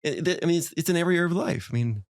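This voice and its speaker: A man's voice: fairly high pitch, gravelly. A man hosting a podcast, chatting casually and acting out little quoted lines as he tells stories. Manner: fast, animated storyteller acting out quotes. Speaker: podcast host. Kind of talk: casual conversation.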